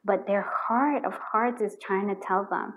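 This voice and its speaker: Woman doing a tarot reading to camera, mid pitch, rambly, says like a lot, mutters while pulling cards. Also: a little slow, poor audio. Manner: chatty and rambling, full of "like" and restarts; murmurs repeated questions while drawing cards. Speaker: tarot card reader.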